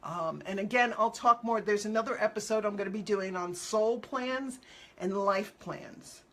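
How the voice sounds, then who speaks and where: A woman's voice: mid-range voice, moderate pace, fairly bright tone. A woman hosting a show as an animal communicator, chatting casually and upbeat with viewers, answering their questions in loose, repetitive phrasing and acting out quotes playfully.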